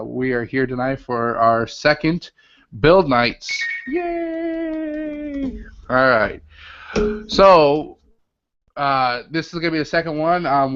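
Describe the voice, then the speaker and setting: A man hosts a casual online chat from his home garage, rambling along with plenty of ums and uhs. His voice is middling in pitch. The sound is dry and dull, like a cheap webcast mic. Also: fairly bright tone, dry recording. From Illinois. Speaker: host. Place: home garage with door open.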